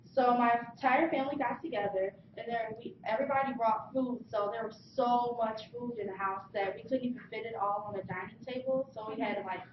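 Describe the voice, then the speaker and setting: A young woman giving a lively personal story speech, acting out the voices of the people in it. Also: on the high side, fairly quick, few pauses, background noise. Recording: distant mic in an echoey room, dull sound.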